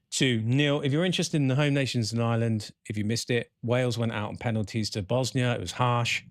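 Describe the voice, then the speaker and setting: A man hosts a casual football chat podcast, launching into animated, exasperated rants peppered with occasional swearing. His voice is medium-pitched, and the recording is dry and studio quality.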